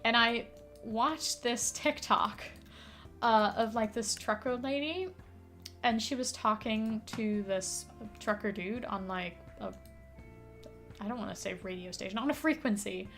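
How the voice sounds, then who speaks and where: A woman's voice: a little high, unhurried, fairly bright tone. Woman streamer, non-native English speaker, rambling casual chat, lots of fillers and swearing, faint music behind. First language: not English. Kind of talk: casual rambling chat while playing a puzzle game.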